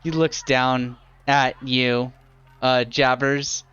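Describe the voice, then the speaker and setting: A man narrating a live tabletop game as dungeon master, describing scenes slowly with many fillers. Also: medium pitch, flat delivery, fairly bright tone, clean tone, highs cut off.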